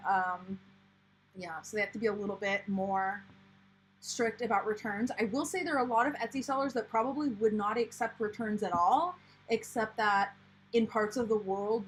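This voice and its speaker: A woman's voice: mid-range voice, slight background noise, low-quality recording. An American woman hosting a casual live chat, reading out viewer comments and rambling with lots of fillers. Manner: chatty, rambling, many fillers and restarts. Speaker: planner channel host.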